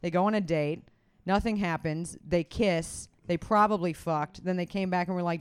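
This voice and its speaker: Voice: medium pitch, steady tone, moderate pace, smooth. A comedian and podcast host in casual chat, rambling and swearing freely.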